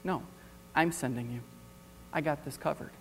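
A firm, matter-of-fact divine voice giving orders, as a preacher reads him out. It is a fairly high male voice, carried by a long hall echo. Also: moderate pace, fairly bright tone, a little hiss or hum. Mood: dismissive. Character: commanding male God speaking from above.

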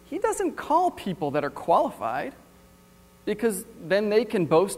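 A male preacher giving a sermon, retelling a Bible story in an animated, wry way. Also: high voice, a little slow, long reverb tail.

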